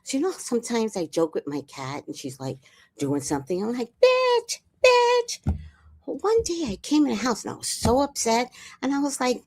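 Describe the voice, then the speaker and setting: A woman from New York City chats on her own livestream in a slightly high voice. Her pitch swings widely as she rants sarcastically, and she often laughs. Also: fairly quick. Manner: animated, sarcastic ranting with frequent laughs. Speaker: livestream host. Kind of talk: casual livestream chat.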